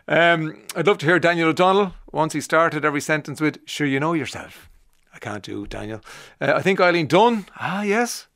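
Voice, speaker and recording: A man's voice: fairly high pitch, normal speed, dry recording, studio quality. Chatty Irish man on radio. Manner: relaxed, chatty, frequent "uh" fillers. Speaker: radio show host. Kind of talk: casual radio chat and reading listener messages. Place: radio studio.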